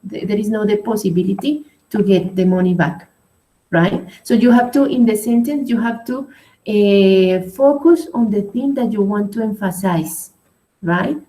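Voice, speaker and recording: A woman's voice: medium pitch, moderate pace, warm tone. Patient woman teacher in an echoey room. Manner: patient, explains step by step with frequent "right?" and "okay?". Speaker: English teacher. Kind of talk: online class explanation. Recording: echoey room, faint noise.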